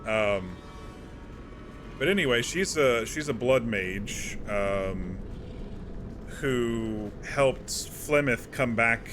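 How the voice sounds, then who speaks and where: A man's voice: fairly low pitch, bright, forceful tone, a little hiss or hum. A man streaming a video game, giving casual gameplay commentary in a chatty, rambling recap full of self-corrections.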